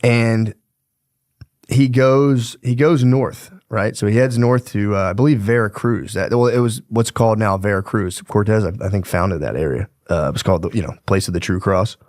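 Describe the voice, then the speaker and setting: A young man hosts a podcast, recounting history in a loose, profane, meandering style full of slang and filler words. His voice sits fairly low with fairly even intonation and a slightly mellow quality, moving at a normal speed. The recording is studio quality with no room sound.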